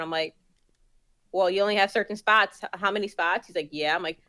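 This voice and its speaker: A woman's voice: mid-range voice, quick pace, pushed and bright, dry recording. A young woman in casual chat as a podcast co-host, telling a story full of swearing and acting out the people she quotes.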